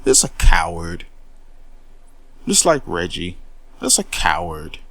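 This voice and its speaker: A man's voice: sits low, wildly swooping pitch, slow, fairly bright tone. A man in a heated, profane monologue, taking on critics with repeated words and a confrontational edge. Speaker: commentary host.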